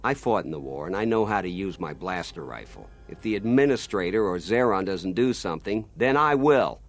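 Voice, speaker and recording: Game NPC: a grim, very deep-voiced veteran. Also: male voice, expressive, fairly quick. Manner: frustrated, resolute. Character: grim male war veteran settler, middle-aged. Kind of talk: video game voice acting.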